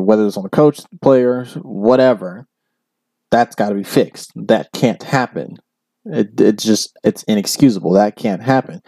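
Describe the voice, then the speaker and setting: A man hosts a casual commentary show, retelling a story in a loose, rambling way, packed with filler words. He jumps into raised voices to act out the people he quotes. His voice is mellow and warm, and the recording is dry and close. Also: on the low side, dry recording. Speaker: podcast host.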